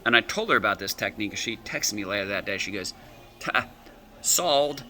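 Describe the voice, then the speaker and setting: A man's voice: on the low side, animated, fast talker, sharp tone. A male coach telling client stories, acting out their quoted words as back-and-forth dialogue. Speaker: emotional reset coach. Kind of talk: storytelling talk with client examples.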